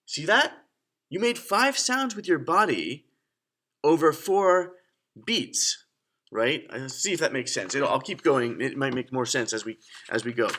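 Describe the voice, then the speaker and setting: A man's voice: fairly high pitch, a bit bright. A young man teaching a children's music lesson, counting and chanting rhythms aloud in an upbeat way.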